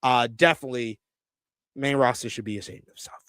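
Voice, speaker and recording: A man hosting a live-stream wrestling review, reading viewer comments and ranting loudly at times. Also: medium pitch, a little fast, clean tone, dry recording. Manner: animated, swears when ranting.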